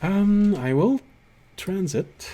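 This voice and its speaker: A man narrating a tabletop game as game master, unhurried and pausing often. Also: sits high, expressive, warm tone. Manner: unhurried narration with fillers and restarts.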